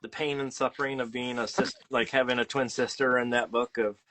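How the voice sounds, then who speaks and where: A man's voice: mid-range voice, little pitch movement, fairly quick, bright, forceful tone. A man hosting a casual interview over a video call, rambling with many fillers and teasing his guest. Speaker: podcast host and illustrator.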